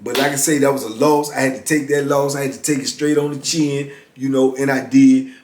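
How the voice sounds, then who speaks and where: A man's voice: medium pitch, fairly quick. A middle-aged man casually telling a story from his past, speaking colloquially and acting out what others said. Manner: animated, colloquial, acts out others' lines. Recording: roomy echo.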